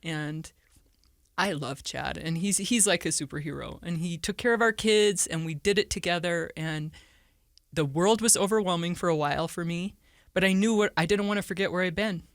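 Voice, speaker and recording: A woman from southern Utah speaks openly as a podcast guest. Her delivery is lively, and her pitch leaps when she acts out conversations. The recording is dry, with no room sound. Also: normal speed, no room sound. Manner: animated, acts out quoted speech with big pitch jumps. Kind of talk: candid storytelling.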